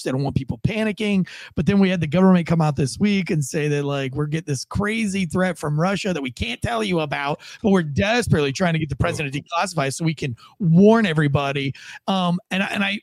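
A man's voice: on the high side, darkish tone, no echo. A man, a former police officer, co-hosting a podcast in a rambling, casual way with many restarts. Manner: rambling, restarts a lot, acts out quoted tones.

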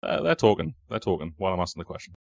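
A man's voice: deep voice, racing, no echo. A man hosting a casual football quiz on a podcast, reading out quotes and teasing the players with swearing and banter. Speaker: quizmaster. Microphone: studio mic.

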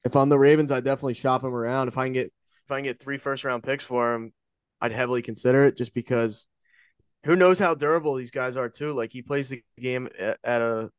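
Smooth-voiced male podcast co-host. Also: medium pitch, steady tone, fairly quick, no echo. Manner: hesitant, thinks aloud with restarts. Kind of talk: casual sports podcast chat.

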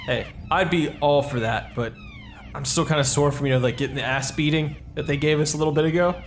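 A man's voice: fairly high pitch, a little fast. Teasing man riffing over music. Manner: wry, teasing. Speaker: comedy riff performer. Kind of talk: improvised comedic riffing over a show. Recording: music playing underneath.

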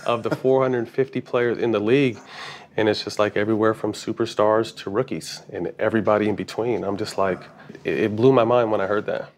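Casual interviewee: middle-aged man, quick slangy talker, low-ish voice. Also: steady tone, slight background noise. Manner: slangy, repeats words while talking. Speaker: interviewee, former pro basketball player.

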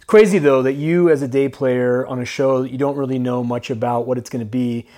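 A man's voice: medium pitch, fairly even intonation, a little fast, dark tone. A man hosting a casual interview podcast, asking short, eager questions. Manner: short eager prompts and backchannels. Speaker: podcast host.

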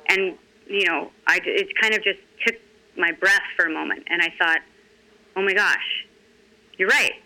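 A middle-aged woman talking candidly in an interview, earnest and halting with frequent restarts. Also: lowish voice, bright, forceful tone, rough recording. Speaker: guest.

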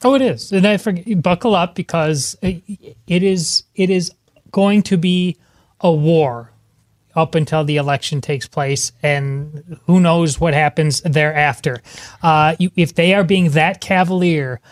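A man co-hosting a radio panel, talking in an excitable, loose and colloquial way. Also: fairly high pitch, measured pace. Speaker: co-host. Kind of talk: casual panel chat.

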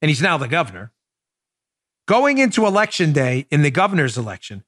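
A man hosting a political commentary show, sarcastic and animated, who talks to his audience directly. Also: on the high side, a little fast. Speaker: talk show host.

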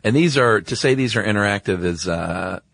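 A man co-hosting a podcast in casual chat, quick asides and frequent laughs. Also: fairly low pitch, expressive, gravelly, fairly bright tone, no echo. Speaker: podcast co-host.

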